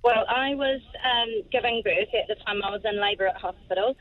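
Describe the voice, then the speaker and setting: A woman's voice: medium pitch, fairly quick, dry recording. A woman calling in to a radio show, telling her story in a matter-of-fact way and chuckling at herself. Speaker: radio caller. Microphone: phone. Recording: dull phone-line call.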